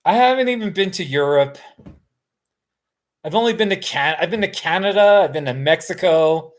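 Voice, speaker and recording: A man's voice: high-pitched, animated, normal speed. Middle-aged guy, tired live streamer chatting from his couch, self-mocking, rambling. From United States. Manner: rambling, self-deprecating, laughs often. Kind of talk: casual live stream chat. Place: home, sitting on a couch.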